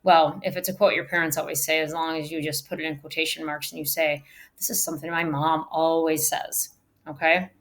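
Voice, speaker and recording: A woman's voice: low-pitched, level tone, a little fast. A woman teacher giving a recorded virtual lecture on public speaking, emphatic and shifting her delivery to show how things should be said. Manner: emphatic, varies delivery to demonstrate. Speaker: speech teacher.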